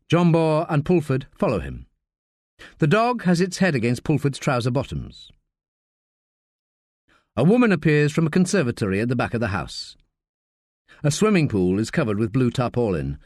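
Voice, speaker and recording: A man narrating a crime audiobook in an expressive, measured way. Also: on the high side, no echo, clean studio sound.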